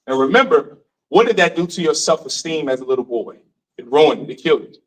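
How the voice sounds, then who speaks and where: High-voiced guy lecturing a class, keeps asking the room questions, mic far away. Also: a little fast. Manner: animated, questions the audience.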